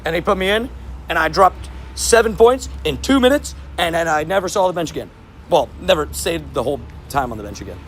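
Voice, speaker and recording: A young man streaming, telling sports stories in a casual, animated way, laughing and repeating himself. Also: on the high side, fairly quick, a little hiss or hum. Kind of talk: casual livestream storytelling.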